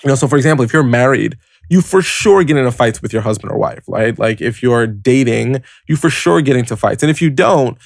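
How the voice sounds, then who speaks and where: A man hosting a motivational podcast speaks in a mid-range voice with vocal fry, captured at studio quality without echo. His delivery is conversational and energetic, heavy on "like" and "you know," and he guides the listener through each step personally.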